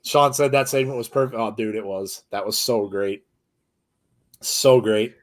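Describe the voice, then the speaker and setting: A man co-hosting a live reaction commentary, excitable, laughing often and gushing with exclamations. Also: fairly low pitch, a little slow. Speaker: co-host of a wrestling watchalong.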